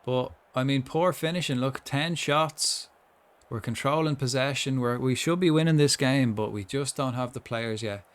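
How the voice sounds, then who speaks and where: A man's voice: medium pitch, moderate pace, smooth. Chatty man commentating his game. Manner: chatty, rambling, mutters asides. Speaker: gaming streamer. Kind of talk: casual gameplay commentary.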